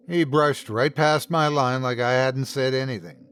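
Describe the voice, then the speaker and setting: A man narrating a first-person horror story in an expressive, dramatic storytelling manner. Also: mid-range voice, measured pace, smooth.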